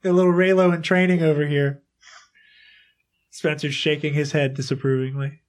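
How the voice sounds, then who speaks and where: A woman's voice: sits low, little pitch movement, normal speed, a little mellow. A woman hosting a podcast in casual chat, chatty, laughing often and restarting her sentences. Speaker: podcast host. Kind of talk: casual chat interviewing a child guest.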